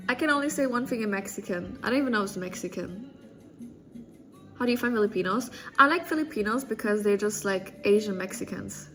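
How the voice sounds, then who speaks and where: A woman's voice: mid-range voice, lively intonation, a little fast, faint music behind. A woman livestreaming, chatting casually and joking as she reads viewer comments, often breaking into laughter.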